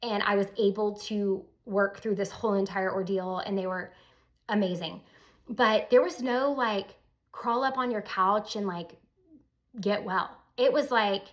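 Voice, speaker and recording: A woman telling her personal story in a casual, animated, emphatic way. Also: mid-range voice, measured pace. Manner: animated, emphatic, with Southern "y'all".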